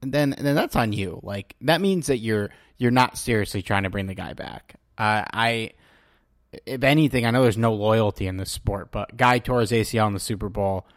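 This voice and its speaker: A man's voice: on the low side, normal speed, no echo, studio quality. A man hosting a casual sports podcast, chatting loosely and reading posts aloud to his co-host. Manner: relaxed, reads tweets aloud to his co-host.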